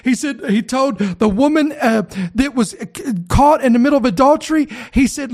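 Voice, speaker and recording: A male preacher in full sermon mode, his voice pitched high for a man. He talks with fervent emphasis, stacks up phrase after phrase and keeps calling on the congregation to answer him. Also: moderate pace, few pauses, a little mellow. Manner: repetitive, building lists.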